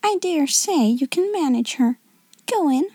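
A woman voicing a stern, sharp-tongued headmistress who speaks briskly and curtly. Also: high voice, lively intonation, dry recording, pitched above the performer's own voice. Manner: brisk and curt, then falsely approving.

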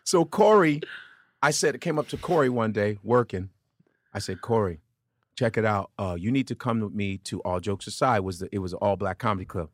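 This comedian joins a podcast as a guest, his fairly low voice moving at a fairly quick clip. Casual and profane, he tells animated tales and imitates their characters, captured in studio-quality audio with no echo.

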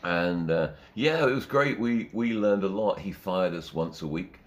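Very deep-voiced man. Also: a little slow. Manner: animated, acts out quotes and laughs. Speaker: interview guest, radio DJ and music man. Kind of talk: anecdotal storytelling.

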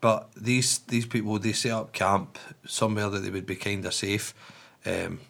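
A man's voice: fairly low pitch, fairly even intonation, moderate pace, gravelly, fairly bright tone. A man telling a story in casual podcast chat, rambling and swearing with many restarts.

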